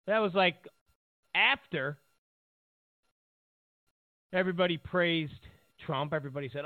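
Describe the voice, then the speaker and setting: A man's voice: fairly high pitch, a little slow, pauses often, dry recording. A male talk show host giving sarcastic political commentary, rambling with lots of fillers. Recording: tinny phone-like line.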